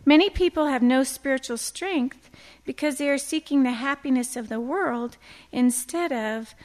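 Middle-aged lady teaching a bible talk, high voice, really earnest, acts out little quotes. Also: normal speed. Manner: earnest, animated storytelling with acted quotes. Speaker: women's Bible study teacher.

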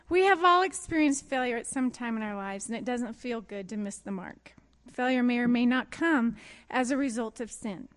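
A pastor's wife telling a funny story in a sermon, laughing often as she speaks. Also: a little high. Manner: lively and expressive, quick to giggle. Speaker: pastor's wife giving a talk.

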